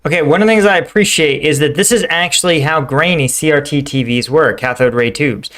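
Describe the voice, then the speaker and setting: A man's voice: fairly high pitch, a little fast, over loud music. A middle-aged man hosting a reaction video, talking casually and acting out quoted lines. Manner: conversational, says "right?" and "like" often, acts out quoted lines.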